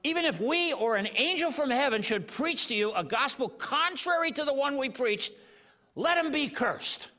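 Indignant apostle declaiming urgently , a preacher puts him on, high and lively, long hall reverb. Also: male voice, moderate pace, exaggerated voice. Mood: stern. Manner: emphatic, raised, exasperated declaiming. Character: urgent indignant male apostle writing a letter.

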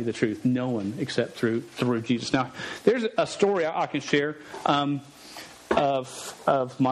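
A man in his forties preaching, telling a family story with jokes, frequent stammers and restarted words. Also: mid-range voice. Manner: stammering, joking and animated, often restarting words. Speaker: pastor. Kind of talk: sermon with a storytelling aside.

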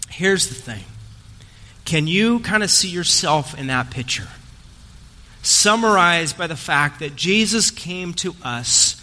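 A man's voice: fairly high pitch, pushed and bright. A man preaching an Easter sermon in a church, telling a story and joking with the congregation in a conversational way. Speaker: pastor. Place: church sanctuary. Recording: long hall reverb.

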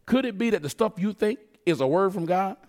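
A man preaching a sermon in a conversational, joking way, slipping into quick acted asides. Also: high voice, expressive, darkish tone.

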